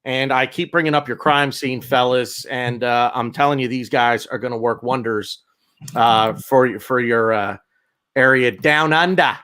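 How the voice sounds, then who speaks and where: Bright-voiced man hosting a podcast. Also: medium pitch, fairly even intonation, normal speed, clean tone. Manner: rambling, repeats himself, reads ad plugs. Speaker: podcast host. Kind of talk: casual football podcast chat.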